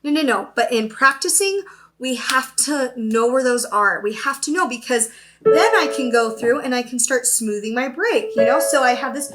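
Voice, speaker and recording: High-voiced woman teaching singing over piano. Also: lively intonation, moderate pace, fairly bright tone. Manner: encouraging, checks in with "okay?" often. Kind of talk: online singing lesson with vocal demonstrations. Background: piano accompaniment.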